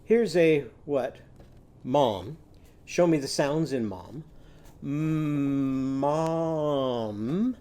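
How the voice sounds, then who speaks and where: A man's voice: mid-range voice, very animated, slow, mellow. A man teaching a children's literacy lesson, patiently guiding young listeners through sounds and letters.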